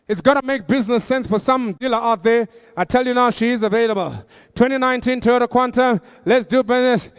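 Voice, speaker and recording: A man working as an auctioneer, pitching vehicles with jokey patter and then rattling off bids in a rapid-fire auction chant. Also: clear, resonant tone. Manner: joking, high-energy patter with rapid-fire bidding calls.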